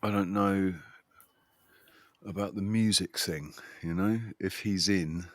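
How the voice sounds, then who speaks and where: A man with a very deep, low voice chats casually as a livestream host. He rambles and restarts his sentences often, breaking into a chuckling laugh. The sound is dry and close, with almost no room echo. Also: steady tone, slow. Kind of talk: casual chat.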